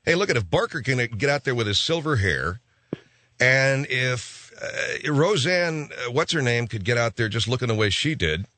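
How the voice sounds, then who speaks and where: A man's voice: medium pitch, expressive, moderate pace, bright, forceful tone, dry recording. A man hosting a radio talk show, rambling in a casual, offhand monologue full of restarts from a studio.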